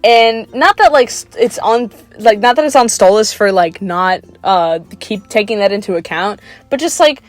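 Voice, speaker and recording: A woman's voice: medium pitch, moderate pace, few pauses, dry recording, soft background music. A young woman giving an unscripted, exasperated rant about a cartoon episode, rambling with many fillers and restarts and laughing at herself. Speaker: video creator.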